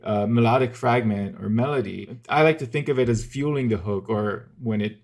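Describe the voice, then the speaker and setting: A man's voice: medium pitch, normal speed, darkish tone. A man teaching music theory in a casual, methodical video lesson, explaining step by step with the odd filler.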